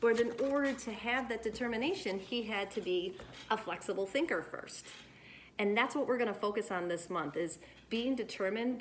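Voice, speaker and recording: A woman's voice: medium pitch, slight background noise. Encouraging woman teaching young kids. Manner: gentle, encouraging, talks directly to kids. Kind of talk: reading aloud and teaching children.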